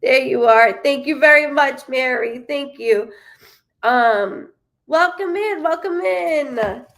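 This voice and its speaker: A woman giving a live psychic reading. She speaks haltingly, with frequent ums and self-corrections, and apologizes to her viewers and reassures them. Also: high-pitched, a bit bright. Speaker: psychic medium. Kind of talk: live-streamed spirit reading.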